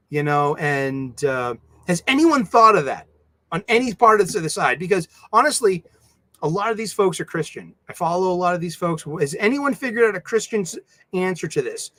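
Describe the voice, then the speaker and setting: A man chatting casually on a livestream, rambling and animated, often breaking into laughs. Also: high-pitched, normal speed, dry recording. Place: home studio.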